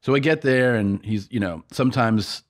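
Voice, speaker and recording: A man's voice: medium pitch, normal speed, no echo, clean studio sound. A man on a podcast, casually telling a long story, acting out other people's lines and laughing often. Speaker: podcast co-host and comedian.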